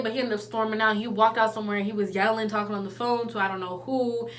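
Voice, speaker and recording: A young woman telling a personal story in a casual, slangy, animated way. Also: medium pitch, fast talker, hardly any pauses. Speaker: vlogger.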